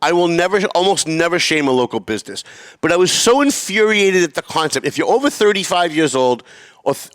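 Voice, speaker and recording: A middle-aged man hosting a podcast, telling a story in an animated, swearing rant that climbs toward yelling. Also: on the high side. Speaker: podcast host.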